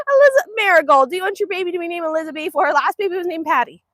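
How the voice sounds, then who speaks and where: A woman's voice: very high voice, very fast, a bit bright, no echo, clean studio sound. A woman hosting a casual livestream outdoors on a farm, chatty and laughing often as she answers viewers. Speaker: homestead livestream host. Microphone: phone livestream.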